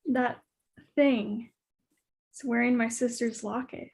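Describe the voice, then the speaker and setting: A woman's voice: high-pitched, a little slow, darkish tone. A woman voicing a frightened young woman haunted by her lost sister, stammering anxiously. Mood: distressed.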